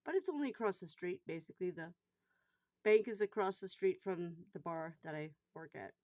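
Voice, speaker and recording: A middle-aged woman who works at a bar tells a personal story in a casual vlog, speaking at a moderate pace in a fairly low voice. She's blunt, swears freely, and grows loud and worked up as she retells it, all on a dry recording.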